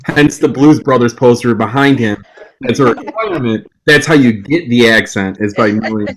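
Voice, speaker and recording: A man's voice: mid-range voice, normal speed, a little hiss or hum, rough recording. A man hosting a comedy show in a loose, rambling way, laughing often. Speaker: host.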